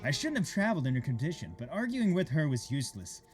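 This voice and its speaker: A man's voice: a little high, sing-song, quick pace, a little mellow, faint music behind. A man reading aloud the inner thoughts of a young man in a pixel horror game. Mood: wistful.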